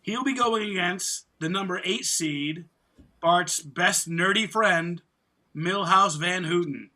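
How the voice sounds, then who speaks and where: A man hosts a casual podcast, reading out matchups with playful energy. His voice sits high and rings very bright. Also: slow. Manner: announcing brackets with playful energy. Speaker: podcast host.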